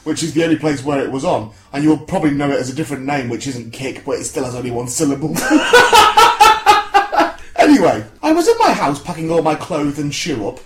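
A man hosting a podcast, reading a comic mock autobiography in a deadpan way and laughing at his own jokes. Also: on the high side, a little fast, crowd noise. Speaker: podcast host. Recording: roomy echoey studio.

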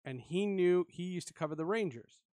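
A man casually telling an animated story with frequent laughs. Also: sits high, brisk, no room sound.

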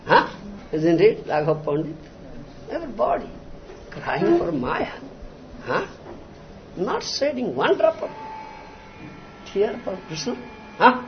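High-voiced slow guru prodding listeners. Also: male voice, wildly swooping pitch, gravelly. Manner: repetitive, emphatic, often asks "huh?". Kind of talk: devotional lecture with disciples. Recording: muffled noisy archival recording.

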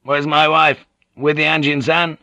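A man's voice: a little high, flat delivery, a little slow, bright, forceful tone, no room sound, voice pushed up. A man reading an audiobook, voicing a ferocious, bitter middle-aged samurai lord with a menacing, clipped manner. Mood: brooding, menacing.

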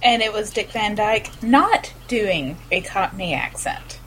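A woman's voice: mid-range voice, slow, fairly bright tone, slight background noise. A woman co-hosting a podcast in casual chat, laughing often. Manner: giggly and chatty, laughs often. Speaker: podcast co-host.

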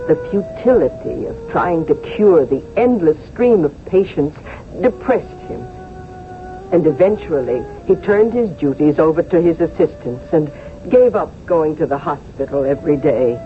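Man narrating a vintage radio play, calm and measured, thin phone-like sound, soft music under. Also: on the high side. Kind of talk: scripted radio drama narration. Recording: tinny old radio broadcast with music.

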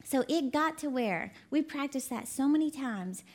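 A high-voiced woman delivers a conversational sermon. She tells folksy stories in a chatty way, often laughing along with her own stories. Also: expressive, normal speed, darkish tone. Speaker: ministry CEO and preacher.

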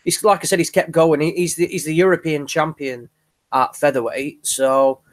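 A man in casual podcast chat about boxing, speaking in a measured way with frequent restarts. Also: on the high side, fairly even intonation. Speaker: podcast co-host.

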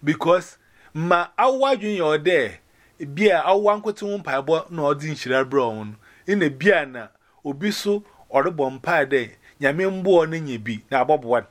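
A man's voice: fairly high pitch, expressive, unhurried. Rambling Ghanaian man on a phone call. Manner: rambling, mixing English and Akan. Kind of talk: casual phone chat.

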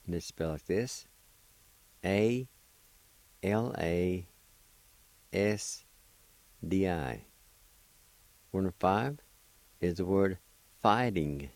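A man's voice: low voice, animated, very slow, pauses often, a little mellow, dry recording, rough recording. A man teaching a radio language lesson, patient and encouraging as he spells words out one letter at a time, on a close studio microphone.

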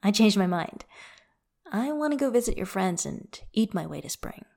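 A woman voicing a hushed, teasing young man. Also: medium pitch, lively intonation, normal speed, gravelly, voice pushed up. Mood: soft teasing. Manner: soft, half-whispered and teasing. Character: young man, playful and tender lover.

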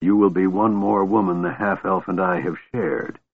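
A man voicing a cruel bearded captor who speaks in a hoarse, menacing whisper. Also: low-pitched, normal speed. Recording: tinny, dry, phone-like sound.

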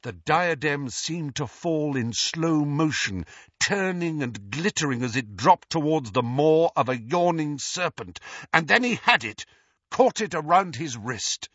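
Man narrating an audiobook slowly, lively delivery, bright tone, dry dull sound. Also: fairly high pitch, no room sound. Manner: dramatic, expressive reading. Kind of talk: scripted narration.

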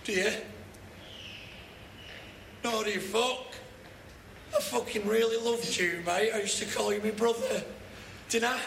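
A man's voice: high-pitched, fairly even intonation, a little slow, long pauses, a bit bright, a little hiss or hum. An actor playing a distraught young man, raw and tearful, confronting a friend who betrayed him. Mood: bitter hurt. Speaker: film character. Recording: echoey film audio with ambience.

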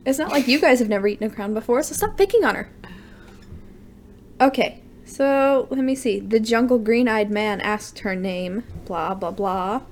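A woman's voice: on the high side, moderate pace, slight background noise. A woman podcast host casually reading fan fiction aloud with playful, dramatic asides.

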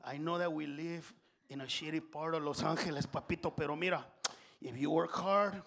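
Man voicing an earnest working dad, low and soft, coaxing his boy. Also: fairly even intonation, moderate pace, vocal fry. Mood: tender. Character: hardworking father gently coaxing his son.

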